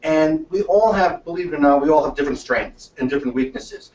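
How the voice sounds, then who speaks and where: A man presents a webinar in an animated storytelling manner, slipping into the voices of the people in his stories. His voice sits fairly high. The recording is distant and echoey, as if made across a room, with a dull, muffled tone. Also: a little fast, faint music behind. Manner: lively storytelling, acts out dialogue. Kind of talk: webinar talk.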